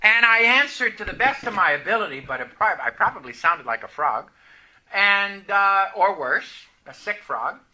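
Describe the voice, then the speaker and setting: Animated preacher man, very bright voice. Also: high-pitched, moderate pace. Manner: animated storytelling, emphatic declarations. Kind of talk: sermon.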